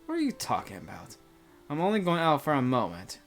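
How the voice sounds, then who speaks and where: A man's voice: medium pitch, wildly swooping pitch, brisk, gravelly, soft background music. A man reading a visual novel aloud with casual, rambling commentary full of fillers.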